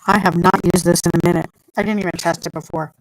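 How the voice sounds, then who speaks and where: A woman's voice: lowish voice, fairly even intonation, fast, slight background noise, low-quality recording. Chatty middle-aged woman on a live stream. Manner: chatty and rambling, often laughing at herself; chewing gum while talking. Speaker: mindset coach hosting a live stream. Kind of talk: casual live-stream chat. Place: at a table with her computer, indoors. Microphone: plug-in desk mic.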